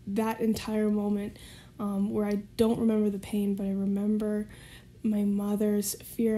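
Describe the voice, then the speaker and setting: A woman's voice: medium pitch, mellow. A woman guest telling a personal story in a casual way, often laughing as she talks. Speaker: podcast guest.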